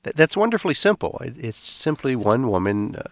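A male radio host interviews his guest with curious, probing questions. His voice sits at a middle pitch and sounds dry and close. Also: sing-song, fairly quick, dry recording.

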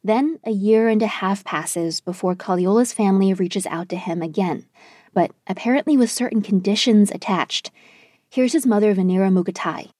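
A woman news correspondent reading a scripted report in a measured, even way. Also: medium pitch, dry recording, studio quality.

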